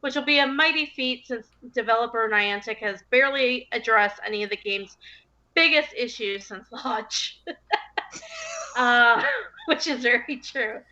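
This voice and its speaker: A woman's voice: a little high, unhurried, bright, forceful tone. A woman co-hosting a podcast, reading game news aloud with frequent ums and little laughs, her voice getting worn. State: losing her voice. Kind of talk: casual podcast chat. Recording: dull lo-fi audio.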